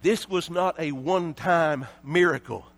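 A man preaching a sermon with passion, often raising his voice to a shout and repeating words in quick bursts. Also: fairly high pitch.

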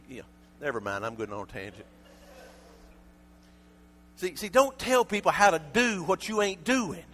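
A male preacher, preaching a sermon that swings from shouted peaks to soft, close asides. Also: fairly high pitch, animated, moderate pace, a little hiss or hum.

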